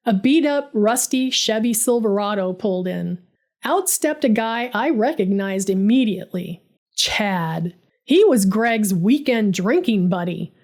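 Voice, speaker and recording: A woman's voice: medium pitch, a little mellow. A woman narrating her own first-person story, dramatic and bitter in tone.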